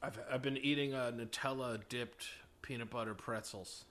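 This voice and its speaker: Blunt, teasing young man in mid pitch. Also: fairly even intonation, normal speed, fairly bright tone, a little hiss or hum. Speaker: podcast co-host. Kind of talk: crude casual banter.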